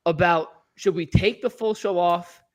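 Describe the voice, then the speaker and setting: A man's voice: high voice, unhurried. A man co-hosting a sports talk show, telling stories in casual studio chat. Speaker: co-host.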